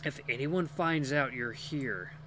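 A man voicing a gentle male gray wolf creature who talks softly and slowly to calm someone down. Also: mid-range voice, background noise, natural voice. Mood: soothing. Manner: soft, slow, soothing pleading.

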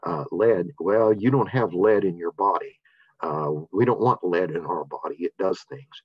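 An older man with a low, husky voice teaches science with an eager, casual manner. He talks with frequent fillers and restarts. The sound is dull and dry, like a lo-fi recording. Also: normal speed, dry recording. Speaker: presenter. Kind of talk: science lesson talk.

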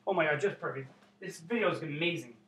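A young man from Canada vlogging casually, excitable and swearing constantly. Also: a little high, fast, heavy background noise. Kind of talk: casual unboxing vlog.

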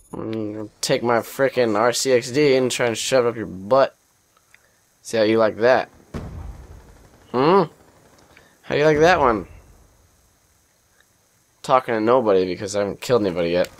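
A young man giving casual gameplay commentary over a headset, rambling, self-deprecating and swearing often. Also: lowish voice. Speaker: gaming commentator.

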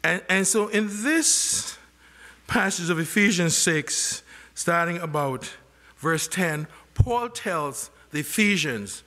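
A man's voice: high-pitched, animated, slow pace, bright, forceful tone. An older man preaching a sermon as pastor. He keeps asking the congregation questions and lets them finish his sentences. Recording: long reverb of a large hall.

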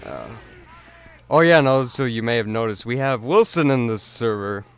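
A man's voice: mid-range voice, sing-song, normal speed. A man giving casual let's play commentary, rambling with stammered restarts and chuckles.

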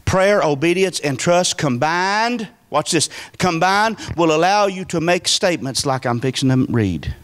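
A man preaching a sermon as pastor, folksy and emphatic, with wide swings of pitch and volume. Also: lively intonation, a little fast, hardly any pauses.

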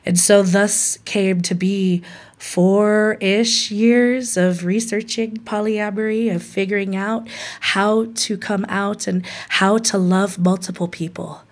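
A woman's voice: mid-range voice, steady tone, unhurried. A young woman from Hawaii telling a candid personal story, laughing often and acting out what others said. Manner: candid, laughs often, quotes people with voices.

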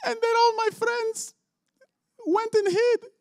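A man voicing a tearful little boy, with a high wailing, sobbing voice. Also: flat delivery, takes it slowly, creaky, darkish tone, no room sound, full character voice.

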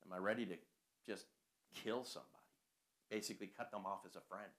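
Bright-voiced man preaching a sermon. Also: low voice, fairly even intonation, fast. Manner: rhetorical questions, conversational.

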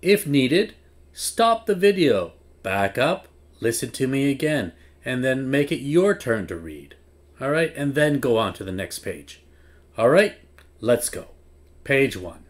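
A man teaching English who reads a children's story aloud with lively, exaggerated rises and falls. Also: medium pitch, measured pace. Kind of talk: expressive story reading for learners.

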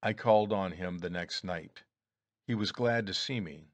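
A man reading a first-person story aloud in a measured, deliberate way. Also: low voice, dry recording. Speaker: audiobook reader.

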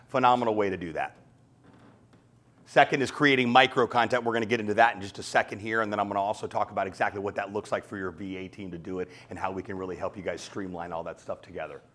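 A man teaching podcasting to an audience, talking fast and lively and acting out little exchanges. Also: fairly low pitch. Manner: fast, animated, acts out quoted exchanges. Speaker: podcast coach. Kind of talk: energetic talk to an audience.

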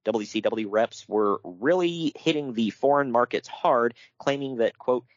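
Speaking at a measured pace in a medium-pitched voice, this man co-hosts a casual podcast, working from his notes and riffing wryly with frequent laughs. The recording is dry and lo-fi.

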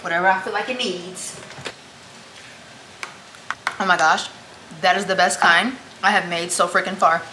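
A young woman vlogs while cooking in her home kitchen, chatting to herself and her viewers in a lowish, sharp-toned voice with fairly even intonation. She speaks a little slowly and pauses often. The echoey room carries the clatter of dishes and cutlery plus slight background noise.

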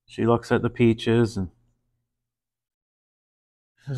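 A man with a mid-range voice unhurriedly tasting a beer and easing into a farmer joke. He talks at a slow, relaxed pace, dropping fillers and puns along the way. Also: mid-range voice. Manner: laid-back with frequent fillers and puns.

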